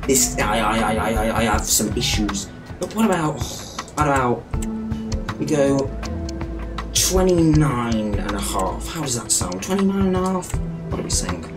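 A young British man giving excitable, cheeky live commentary on a football video game, with game music behind him. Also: medium pitch, a little slow. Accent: British English. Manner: excitable, shouting and cheeky trash talk. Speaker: gaming YouTuber.

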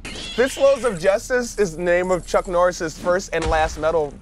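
A man trading deadpan jokes while playing a game with friends, with game music behind him. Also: high-pitched, normal speed, slight background noise. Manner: deadpan joke-telling. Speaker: gaming show cast member. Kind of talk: casual gameplay chat.

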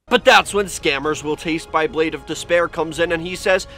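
Hyped, bright-voiced male YouTube host. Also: fairly high pitch, moderate pace, few pauses, faint music behind. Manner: hyped, dramatic, reads out comments. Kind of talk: energetic vlog narration.

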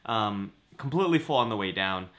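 A man's voice: lowish voice, expressive, fairly quick, fairly bright tone. A man co-hosting a casual video chat as a psychologist, talking conversationally with lots of fillers. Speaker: psychologist co-host.

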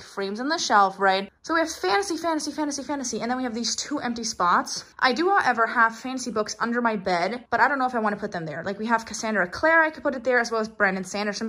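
A woman's voice: on the high side, bright, forceful tone, reverberant. A young woman chatting casually as a book vlogger, bubbly and chatty with dramatic exclamations, recorded in her bedroom. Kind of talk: casual vlog chat.

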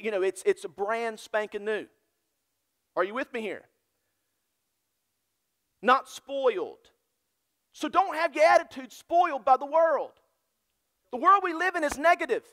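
High-voiced pastor preaching. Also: male voice, sharp tone. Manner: emphatic preaching, repeats key phrases. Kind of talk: sermon.

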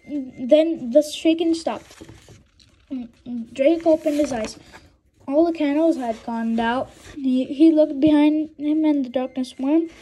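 A woman with a high, mellow voice reads a children's book aloud. She goes slowly and hesitantly, stumbling and humming between phrases. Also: poor audio. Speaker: reader.

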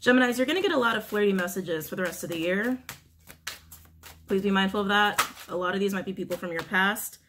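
A woman giving a casual, animated tarot reading to camera, often breaking into giggles and swearing freely. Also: mid-range voice, quick pace, a little hiss or hum. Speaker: tarot reader.

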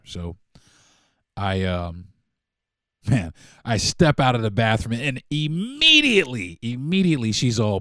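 A podcast host tells a casual, profanity-filled story at a moderate pace, animatedly acting out the dialogue of the people in it as his pitch swings widely. The sound is close and dry, with no room around it.

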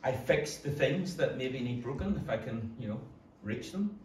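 A man with a Northern Irish accent, a pastor preaching a sermon in earnest, with quick acted-out asides. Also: medium pitch, animated, a little mellow, slight background noise. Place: church hall. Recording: echoey church hall from a distance.

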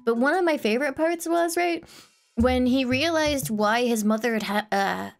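A woman's voice: sits high, moderate pace, vocal fry, soft background music. A woman streamer in casual chat, rambling and giggling as she retells a movie scene.

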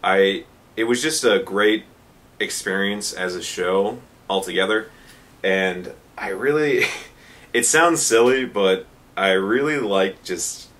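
A man, an actor, talking casually and in a soft-spoken, measured way about a favorite role. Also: fairly low pitch. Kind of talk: casual interview.

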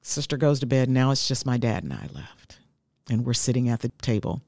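A woman's voice: a bass voice, animated, fairly quick, gravelly, warm tone, no room sound. Middle-aged woman sharing her story on a podcast, dry close sound, earnest. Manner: heartfelt, reflective storytelling. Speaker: guest. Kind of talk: personal storytelling in an interview.

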